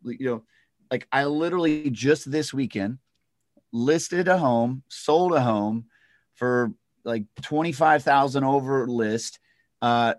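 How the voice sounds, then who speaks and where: A real estate agent talks in a loose, easygoing way, circling back through fillers and restarts as he makes his point. His voice sits at an ordinary middle pitch for a man. The recording is dry, with no room sound. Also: no room sound. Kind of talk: casual podcast chat.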